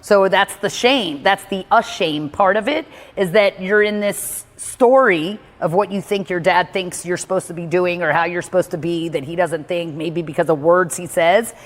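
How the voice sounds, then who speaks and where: A woman's voice: fairly low pitch, normal speed, few pauses. Blunt woman coaching with hall reverb. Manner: blunt and emphatic, swears freely. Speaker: personal growth speaker coaching a listener. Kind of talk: candid one-on-one advice talk.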